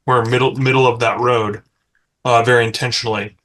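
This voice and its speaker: A man running a tabletop game as game master, in relaxed, joking table chat that now and then turns profane. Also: medium pitch, fairly quick, a little hiss or hum.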